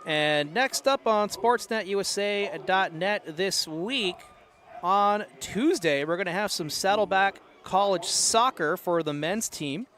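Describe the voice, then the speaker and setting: A man's voice: high-pitched, animated, slow pace, fairly bright tone. Easygoing man calling a college game. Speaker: play-by-play announcer. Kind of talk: live sports commentary. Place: outdoor stadium press box.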